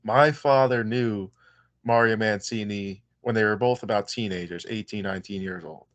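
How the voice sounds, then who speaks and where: Relaxed man telling wrestling stories. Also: lowish voice, normal speed, no echo. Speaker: wrestler guest. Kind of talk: casual interview storytelling.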